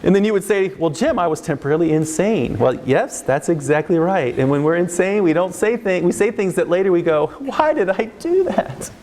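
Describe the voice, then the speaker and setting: Animated male counselor in an echoing hall. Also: fairly high pitch, brisk, hardly any pauses. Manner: animated, acts out parents and kids in raised voices. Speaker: counselor giving a parenting talk. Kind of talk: live workshop talk to an audience. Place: large hall with live audience. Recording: long reverb of a large hall.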